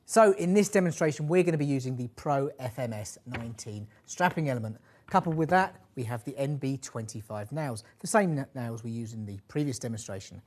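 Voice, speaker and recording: A man presenting a tool demonstration in a measured, explanatory way. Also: medium pitch, expressive, a little mellow. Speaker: product demonstrator.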